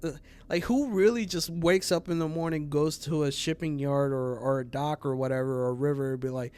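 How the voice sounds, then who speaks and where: A man with a fairly high, darkish, clean-sounding voice talks at a quick clip as he hosts a true crime channel. His delivery is casual and rambling, loaded with profanity and filler words, and he laughs at his own jokes.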